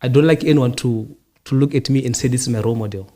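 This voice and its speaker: A man's voice: medium pitch, fast, warm tone. A man hosting a podcast, answering questions in a reflective way, with short repeated statements. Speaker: podcast host. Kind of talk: casual interview answers.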